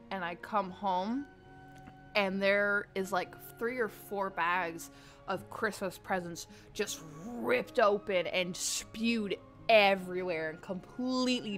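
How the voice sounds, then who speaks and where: A young adult woman streamer chatting casually, telling rambling, animated stories full of filler words. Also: fairly low pitch. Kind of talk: casual storytelling chat.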